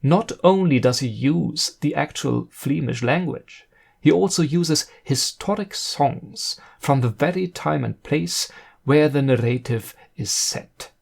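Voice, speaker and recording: Gravelly-voiced man narrating about opera. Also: a little high, animated, a little mellow. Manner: earnest, admiring, measured. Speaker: video essayist.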